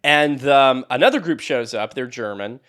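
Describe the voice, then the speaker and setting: A man's voice: mid-range voice, expressive, moderate pace, fairly bright tone. A young man, a podcast co-host, telling stories in casual chat, rambling with many restarts and frequent laughter. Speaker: podcast co-host and tour guide.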